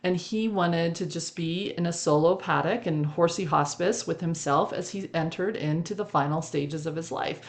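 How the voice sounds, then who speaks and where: A woman with a fairly low voice hosts a reflective spiritual talk. She tells a personal story at length and laughs often between her phrases. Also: moderate pace, hardly any pauses. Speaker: podcast host.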